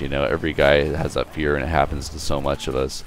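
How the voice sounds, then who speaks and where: A young man with an extremely low voice tells a story casually while commenting on gameplay. He swears freely and rambles, filling gaps with lots of fillers. A faint hum sits under his voice. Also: fairly even intonation, brisk, hardly any pauses. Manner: profane, rambling, many fillers. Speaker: gaming video creator.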